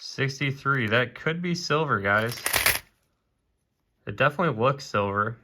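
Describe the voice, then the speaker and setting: A man narrating his own coin hunting video in a casual, excited way, often calling out to viewers as "guys". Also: mid-range voice, unhurried. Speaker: coin roll hunting vlogger.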